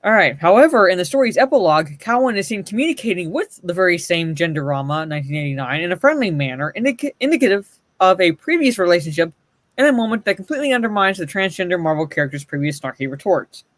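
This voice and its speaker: A man's voice: high-pitched, expressive, quick pace, fairly bright tone, no room sound. Sarcastic man in casual commentary. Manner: sarcastic, reads comic panels aloud, swears. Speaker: podcast co-host.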